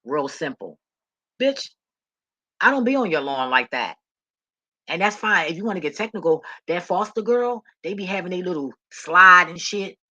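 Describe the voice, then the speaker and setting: Forceful, blunt ranting woman. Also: lowish voice, expressive, moderate pace, no room sound. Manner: blunt, profane and heated. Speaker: vlogger. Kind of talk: profane storytelling rant.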